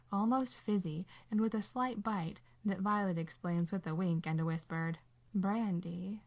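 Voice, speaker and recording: A woman narrating a story as an audiobook, calm and measured. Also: lowish voice. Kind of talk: audiobook reading of fan fiction.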